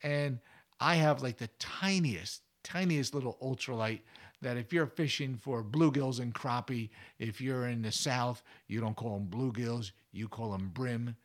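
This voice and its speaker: A man's voice: medium pitch, unhurried. A man hosting a fishing show, giving casual advice in a chatty, folksy way with anecdotes. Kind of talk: casual instructional talk.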